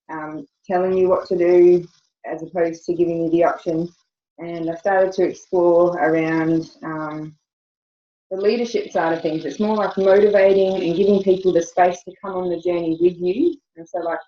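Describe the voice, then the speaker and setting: Woman, thoughtful check-in share, lowish voice, roomy echo, dull call audio. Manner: thoughtful, with fillers. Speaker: team member in a check-in. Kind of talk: casual meeting check-in.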